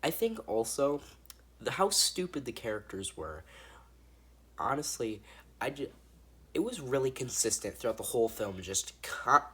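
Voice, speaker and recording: With a fairly low, slightly bright voice and a breathy edge, this man reviews a movie casually. He wanders off topic, curses without restraint, and often starts his sentences over.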